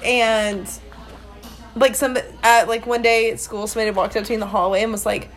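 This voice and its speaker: A young woman in loose conversation, blunt and teasing, swearing often. Her voice sits a little high. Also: little pitch movement, brisk, slight background noise. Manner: blunt, teasing and foul-mouthed. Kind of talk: casual chat.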